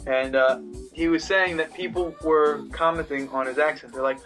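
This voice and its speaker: A man's voice: on the high side, steady tone, a little fast, bright, forceful tone, soft background music. A man with a New Jersey accent, co-hosting a board game review show in casual, rambling chat. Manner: chatty, rambling. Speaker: co-host.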